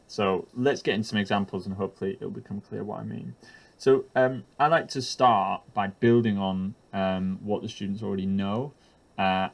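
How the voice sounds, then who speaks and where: Gravelly man teaching with lots of ums. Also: fairly low pitch. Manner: hesitant, lots of ums and uhs, self-deprecating. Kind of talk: teacher-training lesson explaining while drawing.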